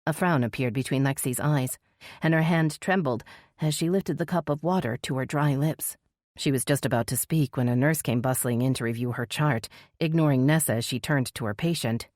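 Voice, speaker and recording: A woman narrating a mystery audiobook in a measured, even storytelling manner. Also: very deep voice, dry recording, clean studio sound. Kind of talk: scripted narration.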